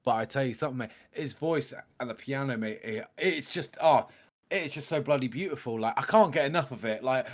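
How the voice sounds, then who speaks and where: A man with an ordinary middle-pitched voice gushes through a casual music reaction, rambling and circling back on his words. He drops "mate" and "bloody" into nearly every sentence. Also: fairly quick. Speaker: reaction video co-host.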